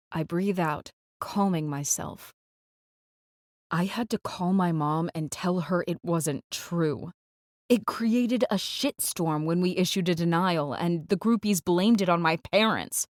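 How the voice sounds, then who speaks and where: A woman narrating a first-person audiobook in a measured, tense, clipped way. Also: fairly low pitch, no room sound, clean studio sound. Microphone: close studio mic.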